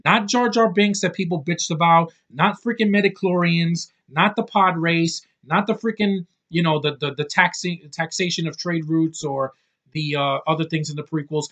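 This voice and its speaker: A man in his thirties reviews a film in a loose, ranting way. He is blunt and swears freely, wandering off on tangents and padding his talk with fillers. His voice sits a little higher than most men's. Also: moderate pace, a bit bright, lo-fi sound. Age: 30s. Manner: blunt, profane, rambling with many fillers. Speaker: movie reviewer. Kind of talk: casual rant-style film review.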